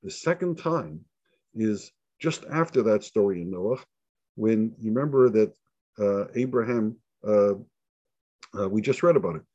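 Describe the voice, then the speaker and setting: Here a rabbi with a fairly low voice speaks at a measured pace, without echo, on a dull lo-fi recording. His informal Torah teaching is lively storytelling in which he acts out dialogue and repeats himself frequently.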